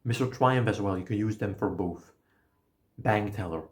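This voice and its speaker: A man giving a casual, energetic motivational talk, explaining ideas and swearing now and then. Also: on the low side, moderate pace. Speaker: self-help video creator.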